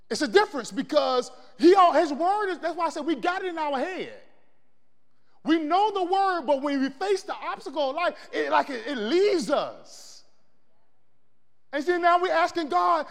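High-voiced preacher man in a reverberant hall. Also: normal speed, gravelly. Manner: call-and-response preaching, swings from shouting to hushed. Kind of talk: sermon.

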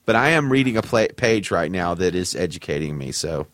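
A man's voice: low voice, animated, fairly bright tone, no echo. A man co-hosting a podcast, teasing and joking in casual chat. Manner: joking, quick to tease. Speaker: podcast co-host.

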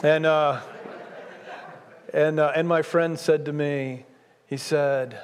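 A man in his sixties preaching a sermon, his voice riding high for a man and pressing hard on each point he repeats. The sound rolls out into a large church hall with a long, lingering reverb. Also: fairly even intonation, takes it slowly, pauses often, clear, resonant tone. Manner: emphatic preaching, repeats key phrases. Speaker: pastor.

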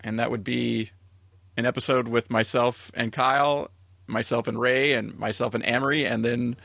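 A man's voice: mid-range voice, steady tone, normal speed, vocal fry, fairly bright tone, no room sound. A male podcast host with a mid-range voice and a very dry, close sound. He rambles through his closing announcements in an easygoing, chuckling way, as if talking on a video call. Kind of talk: casual podcast chat.

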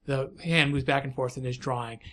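A man's voice: medium pitch, steady tone, brisk, a bit bright. A man as game master, describing a scene in a rambling way with many restarts. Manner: rambling, many fillers and restarts, laughs often. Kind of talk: narrating a tabletop game.

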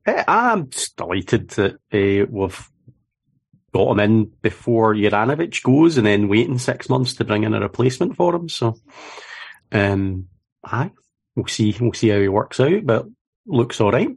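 Scottish man, gravelly husky voice, lingering cough, wry lively casual chat. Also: on the low side, a little slow. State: recovering from a cough. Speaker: podcast panelist.

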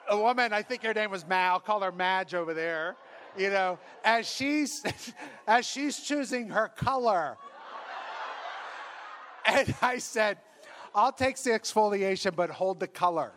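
Priest preaching, male, high and bright voice, exuberant storyteller who acts out voices, faint hiss. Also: slow pace, pauses often. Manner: exuberant and humorous, laughing as he tells stories. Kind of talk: storytelling sermon.

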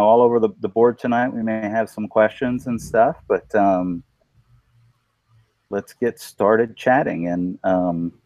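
A man's voice: medium pitch, darkish tone, no echo. A man hosting a live web panel show, upbeat and loose, with many fillers and a slight drawl. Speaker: podcast host. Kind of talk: casual live panel chat.

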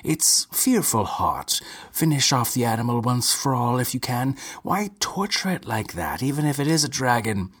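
A man's voice: mid-range voice, sing-song, normal speed, fairly bright tone, husky, voice pushed up. A man voicing a weary companion who complains about the heat and the cruelty, in a spoken story. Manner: complaining, dry joking.

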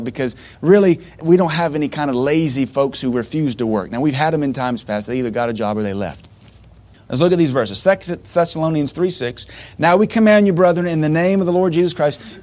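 A middle-aged pastor delivers a sermon in a slightly high voice. He swings from mocking asides into sudden loud outbursts.

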